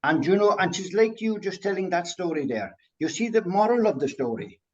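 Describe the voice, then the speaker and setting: A man from Ireland, a medium, telling an anecdote in a chatty, lively way and laughing often. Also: sits high, brisk, dull audio. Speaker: medium sharing a story.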